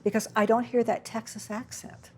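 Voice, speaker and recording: A woman's voice: a little high, little pitch movement, normal speed, darkish tone, breathy edge. A woman hosting an interview, asking questions and encouraging the guest with short affirmations. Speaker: interview host. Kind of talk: casual interview chat.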